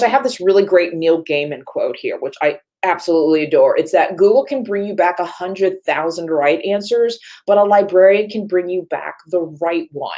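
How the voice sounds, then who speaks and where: A woman reference librarian speaks at a panel in a lively, storytelling way. She acts out the lines of the people in her anecdotes and corrects herself with quick asides as she goes. Her voice sits at an ordinary pitch. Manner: chatty, self-correcting asides. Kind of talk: panel talk presentation.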